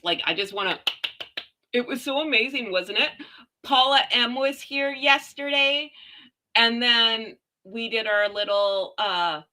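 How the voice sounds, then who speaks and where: Canadian lady chatting on a live stream from home, bright voice, laughs a lot. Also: fairly high pitch. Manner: chatty, laughing, talks to viewers and her dogs. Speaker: livestream host. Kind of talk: casual live chat.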